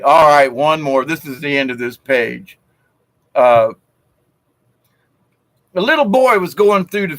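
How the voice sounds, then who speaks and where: Slow-talking folksy man. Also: on the high side, a bit bright, no echo, rough recording. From South Georgia, US. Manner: folksy and chuckling, with frequent fillers. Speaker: live-stream host. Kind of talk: casual joke-telling chat.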